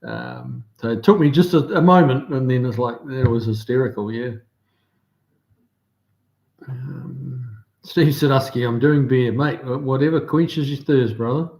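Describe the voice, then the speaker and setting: A man's voice: mid-range voice, measured pace, darkish tone. A man with a New Zealand accent hosting a livestream, chatting casually and reading out viewer comments with lots of ums and restarts. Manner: laid-back, many ums and restarts. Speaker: livestream host. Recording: roomy echo.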